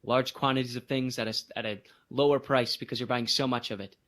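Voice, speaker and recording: A man co-hosting a podcast, telling a story in casual chat and jumping into high voices for emphasis. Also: fast. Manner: animated storytelling, voices others in bursts of high pitch. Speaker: podcast co-host.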